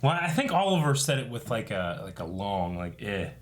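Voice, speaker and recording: Animated man chatting about a show. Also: lowish voice, normal speed. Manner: animated, laughs often, acts out quotes. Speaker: show host. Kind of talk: casual reaction chat.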